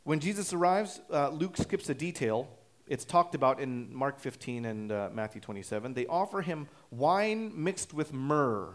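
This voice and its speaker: Teaching through an expository sermon, a male pastor speaks in a mid-range voice. His approach is measured and explanatory, broken up by frequent restarts and "uh" pauses.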